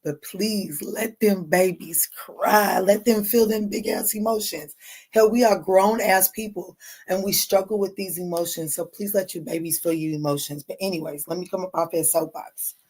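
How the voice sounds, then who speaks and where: A woman's voice: on the low side, steady tone, normal speed, darkish tone, husky. A woman hosting a late-night tarot livestream, chatting casually and bluntly with viewers, greeting them by name and swearing freely.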